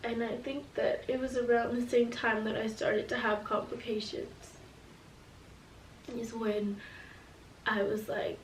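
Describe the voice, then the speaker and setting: A woman's voice: a little high, level tone, unhurried, long pauses, reverberant, distant mic, slight background noise, rough recording. A woman in her twenties telling her pregnancy story in a casual storytime vlog, earnest and reflective as she speaks openly about hard times. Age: 20s.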